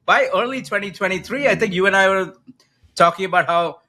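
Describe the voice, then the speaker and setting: A man co-hosting a casual finance podcast, walking through economic data and often checking in with a quick "right?". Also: sits high, sharp tone. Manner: explanatory, data-heavy, asks rhetorical "right?". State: coughing, slightly choked up. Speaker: co-host, macro strategist. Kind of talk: casual market podcast chat.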